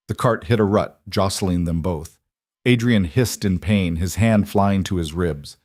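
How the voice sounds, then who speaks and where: Brief: male storyteller, low voice, measured reading, dry close sound. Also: a little mellow, no echo. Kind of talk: scripted story narration.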